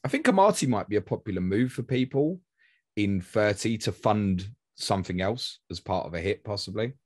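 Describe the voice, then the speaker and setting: A man's voice: fairly low pitch, expressive, normal speed, a little mellow, dry recording, studio quality. A man hosting a casual podcast, chatty and rambling, swearing now and then. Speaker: podcast host. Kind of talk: casual fantasy football podcast chat.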